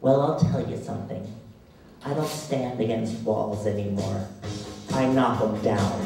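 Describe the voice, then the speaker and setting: Guy doing slam poetry slow and heavy, far off mic, big echoey hall. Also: lowish voice, vocal fry, music in the background. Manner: dramatic, rhythmic, with long pauses. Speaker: spoken word performer. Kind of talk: spoken word poetry performance. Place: live stage in a hall.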